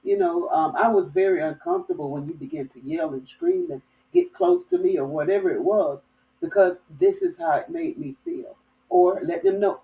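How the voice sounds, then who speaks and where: Woman, from Florida, casual storytelling monologue, folksy, mellow, recorded from a distance. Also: fairly low pitch, normal speed, creaky. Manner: chatty, animated storytelling with folksy phrasing. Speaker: dating talk host.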